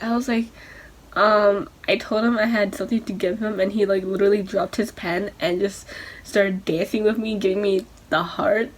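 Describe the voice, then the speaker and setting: A young woman telling a rambling, excitable story while doing her makeup for a vlog. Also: mid-range voice, moderate pace. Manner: rambling, excitable, lots of fillers. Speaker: beauty vlogger.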